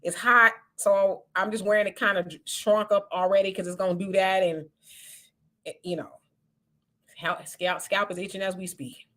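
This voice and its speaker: A woman hosting a casual livestream, reading viewer comments and chatting with animated, laughing asides. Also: medium pitch, normal speed. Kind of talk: casual live chat.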